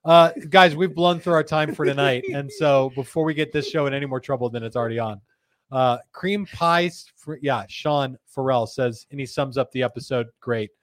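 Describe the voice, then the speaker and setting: Medium in pitch and speaking at a normal speed, this man hosts an easygoing live chat show in a company studio, with no room sound on the recording. He jokes around as he reads viewers' comments out loud.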